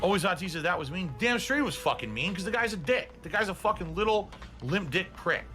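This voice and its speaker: A man's voice: high-pitched, lively intonation, a little fast, bright, forceful tone, faint music behind. A middle-aged man live streaming, ranting in a profane, combative, indignant way, winded and out of breath. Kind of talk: ranting livestream talk.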